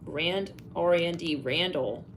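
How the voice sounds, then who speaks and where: A woman's voice: on the low side, a little slow, noisy background. A woman doing a live psychic reading, musing aloud, spelling out letters and names, with sighs and fillers. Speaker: psychic reader.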